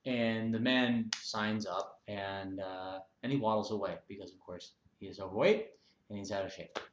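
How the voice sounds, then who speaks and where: A man's voice: on the low side, normal speed, a little hiss or hum. A man vlogger telling a story in a casual, rambling way, with many fillers and restarts. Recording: roomy echo.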